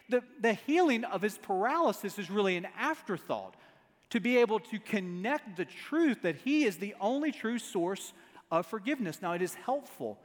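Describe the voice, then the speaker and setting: High, lively preaching man in a reverberant hall. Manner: emphatic, repetitive preaching cadence. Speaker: pastor. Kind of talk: sermon.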